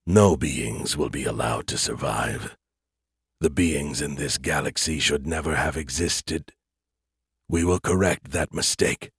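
A man voicing cold, menacing alien beings who speak in a slow, low, ominous monotone. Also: slightly rough, no room sound, clean studio sound, heavily acted.

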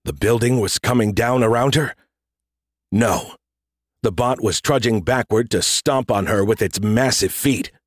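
A man narrating a military science fiction audiobook in a steady, measured way. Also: fairly low pitch, dry recording, studio quality. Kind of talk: scripted narration.

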